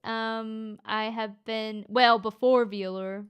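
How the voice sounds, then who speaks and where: A Scottish woman chatting casually on a live stream as she reads chat, playful and quick to laugh, with the odd swear word. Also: on the high side, steady tone, clear, resonant tone. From Scotland. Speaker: VTuber streamer reading chat.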